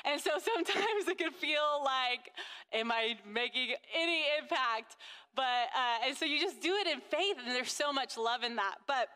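A woman's voice: sits high, lively intonation, moderate pace, few pauses, bright, forceful tone, long reverb tail. A woman sharing a casual faith testimony about being a mother. She gushes and fills her talk with restarts and fillers. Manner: gushing, full of fillers and restarts.

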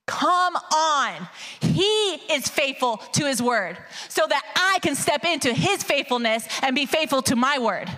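A woman preaching an energetic sermon, animated and hyped, calling out to the congregation as y'all. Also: sits high. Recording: long hall reverb.

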